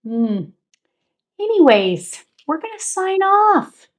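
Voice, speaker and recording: A woman's voice: extremely high pitch, sing-song, takes it slowly. A woman hosting a home cooking vlog, chatting playfully and laughing often in her kitchen. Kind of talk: casual chat.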